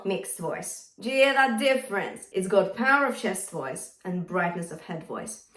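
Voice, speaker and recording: A woman singing teacher explaining vocal registers in a clear, encouraging way. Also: mid-range voice, animated, normal speed, a bit bright, echoey room, far from the mic. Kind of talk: vocal lesson with sung demonstrations.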